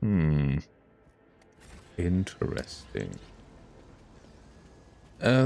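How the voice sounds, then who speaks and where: A man's voice: low voice, a little slow, pauses often, darkish tone, slight background noise. A man streaming a game, thinking aloud and swearing casually as he reads and reacts. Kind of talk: casual gameplay commentary.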